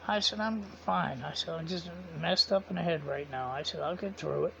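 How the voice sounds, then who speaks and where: A man with a gravelly, fairly high voice speaks at a moderate pace in a pushed, bright tone. As a vlogger, he rambles through a personal story, retelling each exchange with "I said" and "he said," over dull lo-fi sound with a little hiss or hum.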